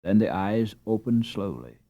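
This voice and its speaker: A man narrating a classic children's novel in a measured, expressive storytelling manner. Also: fairly low pitch, no room sound, studio quality. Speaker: audiobook narrator. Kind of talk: scripted narration.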